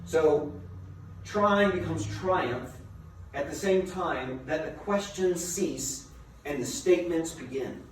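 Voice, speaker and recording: A man's voice: fairly high pitch, takes it slowly. Man coaching in a very echoey room. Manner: lively storyteller, acts out dialogue, rhetorical questions. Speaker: business coach. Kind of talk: motivational seminar talk. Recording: very echoey room, mic far off, faint noise.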